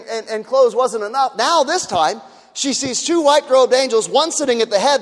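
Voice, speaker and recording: High-voiced preacher in an echoey hall. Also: male voice, fairly bright tone. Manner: emphatic, repetitive preaching with rhetorical questions. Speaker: pastor. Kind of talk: sermon. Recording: echoey hall with long reverb.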